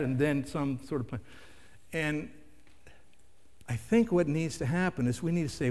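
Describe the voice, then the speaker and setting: A man's voice: fairly high pitch, expressive, moderate pace, a little mellow. An older man preaching a sermon in a conversational way, asking the listeners rhetorical questions. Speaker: pastor. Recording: long hall reverb.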